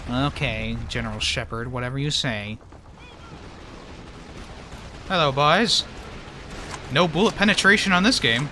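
A man's voice: mid-range voice, a little slow, pauses often, background noise. A man streaming a war video game, giving casual joking commentary, laughing often and swearing now and then.

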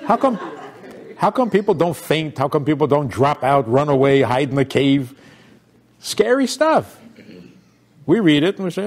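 Older guy rabbi telling stories in a talk, husky voice, pitch swings all over. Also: sing-song, a little slow, pauses often. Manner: storytelling, acts out quoted voices with laughs. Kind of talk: sermon-style talk.

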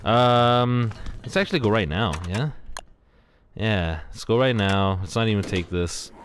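A man with a lowish, expressive voice casually comments on his own gameplay at a measured pace, rambling and exclaiming often. He sounds slightly out of breath, and there's a little hiss or hum in the let's-play recording.

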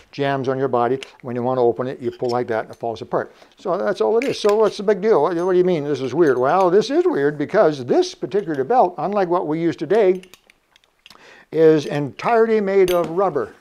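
An older Canadian man hosts a casual show-and-tell about vintage scuba gear, chatty, joking and laughing often. His voice is a little high and a little mellow, animated in delivery, and he talks a little fast.

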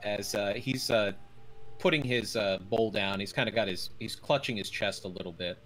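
A man's voice: lowish voice, normal speed, faint music behind, rough recording. A man narrating a tabletop game as dungeon master, with many "uh" fillers. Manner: relaxed narration full of "uh" fillers.

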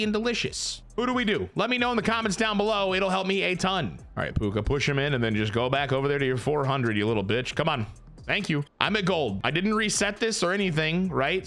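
A man's voice: on the high side, a bit bright. A young man giving casual, self-mocking commentary while playing a football video game, swearing often. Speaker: gaming YouTuber.

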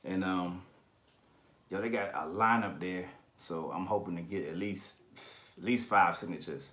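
This collectibles-channel host has a low voice, moderate pace, and fairly bright tone. Casually chatting on stream, he goes through viewer comments, swearing and using slang, with frequent laughter.

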